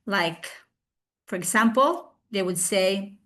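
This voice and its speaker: A woman presenting a recorded online class on a video call, explaining slowly with fillers and restarts. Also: mid-range voice, lively intonation, a bit bright.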